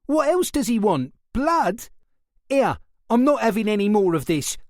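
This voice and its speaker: A man's voice: a little high, very animated, unhurried, no room sound, clean studio sound, pitched above the performer's own voice. A man voicing an anxious, indignant young man under police questioning, in a whiny, protesting voice. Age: young adult.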